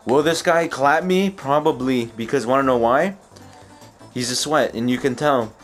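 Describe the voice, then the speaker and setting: A young man giving excited live commentary while playing a football video game, cheering his players and laughing often. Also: medium pitch, moderate pace, faint music behind. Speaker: gaming YouTuber.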